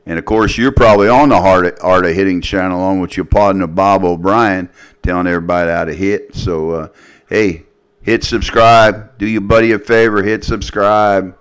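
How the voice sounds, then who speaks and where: Smooth low-voiced man hosting an outro. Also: fairly quick. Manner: upbeat, plugging subscriptions. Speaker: show host. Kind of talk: promotional outro.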